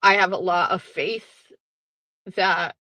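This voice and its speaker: A middle-aged woman hosts her own show and tells a personal family story. She speaks in a bright, forceful voice, halting and emotional, and keeps stopping to clear her throat. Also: lowish voice, steady tone, no room sound, rough recording. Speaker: show host.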